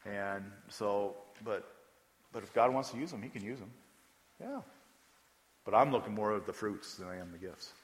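Conversational pastor preaching in a hall. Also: male voice, fairly low pitch, normal speed, long pauses. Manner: conversational, emphatic, asks the congregation questions. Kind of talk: sermon.

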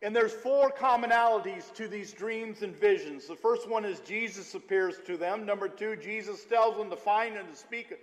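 High-voiced male preacher in a reverberant hall. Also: normal speed, hardly any pauses. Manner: storytelling, animated, with frequent "uh" fillers. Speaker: pastor. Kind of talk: sermon.

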